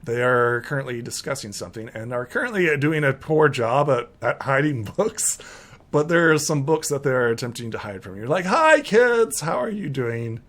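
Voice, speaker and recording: A man's voice: medium pitch, a little fast, a bit bright. A man narrating a tabletop role-playing game as game master, rambling with many fillers.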